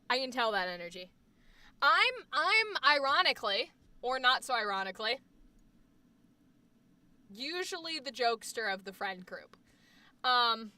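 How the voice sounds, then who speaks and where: Woman streamer, high bright voice, animated and profane, dry sound, a bit off mic. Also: no room sound, distant mic. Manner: animated and profane, swinging between loud and soft. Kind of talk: casual chat.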